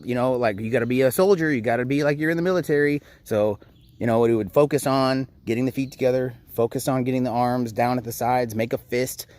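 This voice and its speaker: A man in his thirties giving casual parenting advice to camera, frank and conversational, with frequent hesitations. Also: mid-range voice. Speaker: parenting coach.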